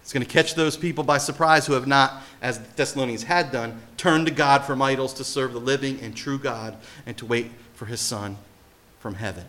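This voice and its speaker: A male pastor delivers a lively sermon, moving between quiet and loud passages and frequently asking his audience questions. His voice sits at a medium pitch, and he talks slightly fast.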